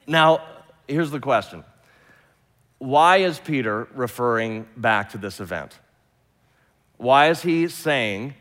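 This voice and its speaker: A man preaching a sermon, retelling scripture with lively, humorous storytelling. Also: on the high side, takes it slowly, long pauses, in a large hall. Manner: animated storytelling, imagines scenes aloud with humor. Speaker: pastor.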